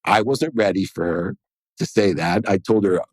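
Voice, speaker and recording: A man with a somewhat low voice tells a personal story as a podcast guest. He speaks earnestly and acts out the lines of the people in his tale. The sound is close and dry, with no room echo. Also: moderate pace, darkish tone.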